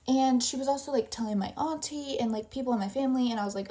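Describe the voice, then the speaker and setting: A woman's voice: high-pitched, fast, few pauses, dark tone. A young adult woman casually telling a story while getting ready, rambling and packing her talk with "like" fillers.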